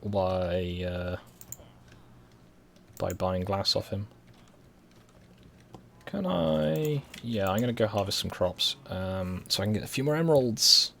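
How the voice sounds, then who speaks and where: A man's voice: fairly low pitch, lively intonation, slow pace, creaky, long pauses, a bit bright, slight background noise. A young man with a West Midlands accent giving rambling, dryly self-mocking commentary while he plays a game. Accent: West Midlands English. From West Midlands, England. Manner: rambling, dry self-mocking humor, thinking aloud. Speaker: streamer playing a game. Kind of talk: casual gameplay commentary.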